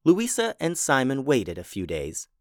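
Guy reading a kids story, playful and very lively, medium voice. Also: medium pitch, measured pace, dry recording, clean studio sound. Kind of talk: children's story narration.

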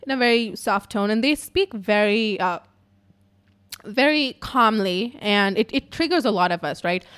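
A woman's voice: medium pitch, lively intonation, measured pace, a bit bright, smooth. A young adult woman hosting a podcast, telling a story in a casual monologue, swearing often and filling her talk with "like". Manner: chatty, swears often, fills with "like". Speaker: podcast host.

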